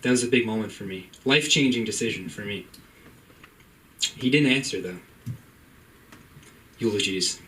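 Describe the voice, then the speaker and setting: A young man doing open-mic stand-up in a comedy club, rambling and deadpan. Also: fairly low pitch, normal speed, pauses often. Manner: laid-back, rambling, deadpan asides. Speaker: stand-up comic. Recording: distant mic, faint room noise.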